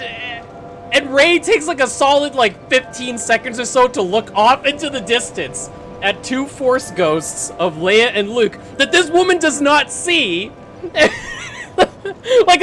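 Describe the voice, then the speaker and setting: A young adult streamer ranting casually while playing a video game, swearing freely and breaking into loud bursts of laughter. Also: high voice, animated, unhurried, soft background music. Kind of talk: casual rant while gaming.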